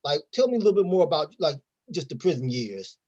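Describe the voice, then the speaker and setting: A man's voice: fairly high pitch, big pitch swings, fast talker, dark tone, lo-fi sound. A man hosting an interview who asks long questions in a loose, rambling way and restarts his words. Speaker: interview host.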